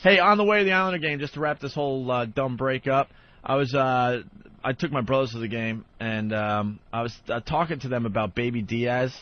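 A man's voice: medium pitch, a little fast, dull audio. Blunt laid-back male radio host. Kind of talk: casual radio talk show banter.

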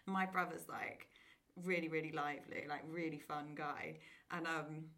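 A young woman guesting on a podcast in casual chat, giggly and lively as she tells stories. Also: low-pitched, moderate pace.

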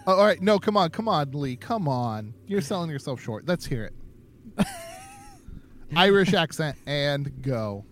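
A man's voice: a little high, huge pitch swings, slow, long pauses, slight background noise. A tipsy man co-hosting a podcast, rambling in casual chat and laughing often. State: tipsy from drinking. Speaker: podcast co-host.

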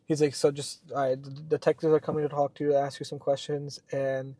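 A young man co-hosting a podcast, telling a story in a casual, animated way with lots of fillers and swearing. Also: fairly high pitch, brisk, no room sound. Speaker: podcast co-host.

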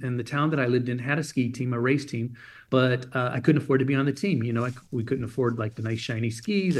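Animated man telling a story. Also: mid-range voice. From United States. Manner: animated storyteller, acts out dialogue with many repeated "he goes". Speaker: guest. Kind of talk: personal storytelling in an interview.

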